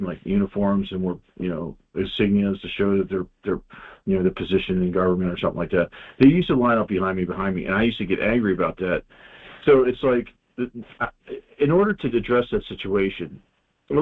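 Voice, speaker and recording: A low-voiced man rambles through a casual phone interview, restarting his sentences and piling up fillers. His voice comes through a tinny phone line. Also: husky. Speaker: guest.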